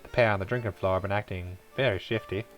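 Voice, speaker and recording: A man's voice: a little high, expressive, fast talker, music in the background, voice pushed up, close to an everyday voice. A man voicing a gossipy country tavern landlady in a put-on country accent. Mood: conspiratorial.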